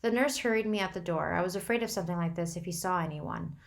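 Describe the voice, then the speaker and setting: A woman reads a novel aloud to her students. Her narration is steady and unhurried, plain and attentive to the story. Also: fairly low pitch, vocal fry. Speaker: teacher reading to a class.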